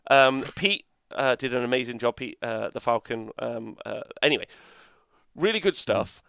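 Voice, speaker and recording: A man's voice: mid-range voice, normal speed, creaky, pushed and bright, clean tone, no echo. A man hosting a podcast, chatting casually, who rambles, swears and keeps tagging his points with "right?" and "like". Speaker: podcast host. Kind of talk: casual chat.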